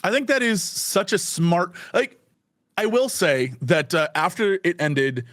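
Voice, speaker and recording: High-voiced, excitable man chatting on a podcast. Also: unhurried, no room sound, clean studio sound. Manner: animated and excitable, laughing often. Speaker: guest. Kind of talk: casual podcast chat.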